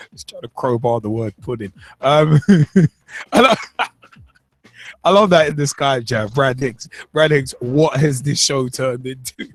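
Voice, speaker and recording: A man's voice: medium pitch, measured pace. A man hosting a casual football podcast, rambling and joking between results. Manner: rambling, jokey, laughs at own asides. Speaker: podcast host. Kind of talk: casual football chat show.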